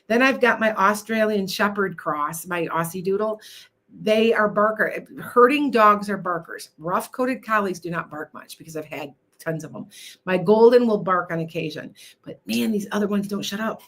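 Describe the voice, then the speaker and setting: A woman's voice: mid-range voice, normal speed, fairly bright tone. An older woman hosting a live stream, chatting in a rambling, self-interrupting way. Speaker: livestream host. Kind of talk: casual live-stream chat.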